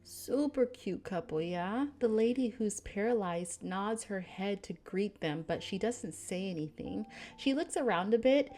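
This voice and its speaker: A woman hosting a casual film breakdown, chatty and animated with frequent laughter. Her voice sits in a middle register, easygoing and conversational. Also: medium pitch, measured pace, faint music behind. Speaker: film reviewer, channel host. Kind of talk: casual film review narration.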